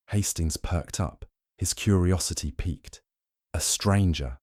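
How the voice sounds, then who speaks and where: A man narrating a mystery audiobook in a measured, dramatic way. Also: low-pitched, darkish tone, dry recording, studio quality.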